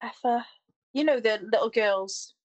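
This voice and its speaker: A woman's voice: on the high side, measured pace. A woman in casual chat, rambling with lots of fillers. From near Wrexham, Wales. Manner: rambling, filler-heavy chatter.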